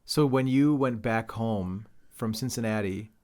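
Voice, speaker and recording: A man's voice: fairly low pitch, unhurried, a little mellow. A man hosting a podcast, asking questions and reacting with brief interjections. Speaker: podcast host. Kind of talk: casual interview chat.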